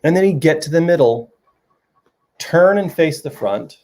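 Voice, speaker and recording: A man's voice: fairly high pitch, animated, measured pace, darkish tone. Rambling male host telling a story. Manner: rambling, storytelling with many restarts. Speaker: show host. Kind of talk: casual chat to a live audience.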